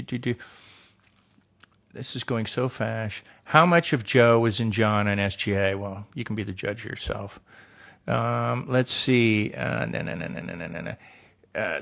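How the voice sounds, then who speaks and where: A middle-aged man from the United States talks casually into his phone from an indoor room, his voice carrying a gravelly edge. He reads out viewer questions and answers them with deadpan, teasing humor at a relaxed, unhurried pace. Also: mid-range voice. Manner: reads questions aloud and riffs with dry, joking sarcasm. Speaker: actor answering fan questions on a live stream. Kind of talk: casual solo live stream chat.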